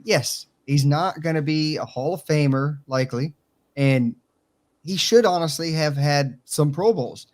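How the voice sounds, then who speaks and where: A man with a country accent co-hosting a casual sports talk show, blunt and swearing freely as he tells stories. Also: fairly high pitch. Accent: Southern US country. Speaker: co-host.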